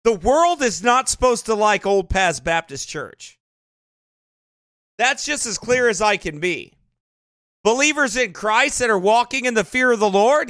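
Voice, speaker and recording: High, lively, emphatic male pastor. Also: no echo, studio quality. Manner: emphatic, repeats tag questions. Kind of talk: sermon-style commentary.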